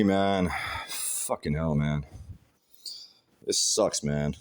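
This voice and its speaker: A man's voice: low-pitched, lively intonation, normal speed, a little mellow. A man in a casual rant, profane and agitated, swearing heavily and restarting his sentences. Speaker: vlogger.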